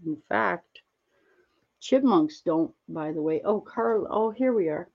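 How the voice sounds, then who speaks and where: A woman streaming, chatting casually with viewers while she crafts, rambling and gently reassuring them with lots of fillers. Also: lowish voice, expressive, unhurried, dull audio. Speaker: livestreamer answering chat.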